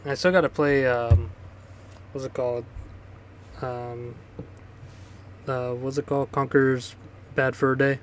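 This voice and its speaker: A man's voice: medium pitch, little pitch movement, slow, long pauses, slight background noise. A man co-hosting a music podcast, rambling casually with loose swearing and many fillers. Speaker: podcast co-host. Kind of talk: casual chat.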